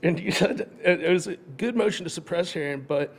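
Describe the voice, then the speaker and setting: A man's voice: sits high, fairly quick, gravelly, big-room sound. A man, a defense attorney, chiming in casually with details of shared courtroom stories. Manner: chiming in with details, laughing along. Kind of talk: casual chat.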